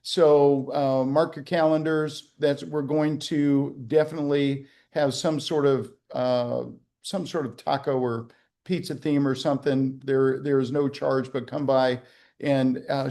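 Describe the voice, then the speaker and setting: Warm and unhurried, the man's mid-range voice shows little pitch movement. As a winery executive, he hosts a casual wine tasting from the winery over video call, rambling, joking, and full of fillers and restarts.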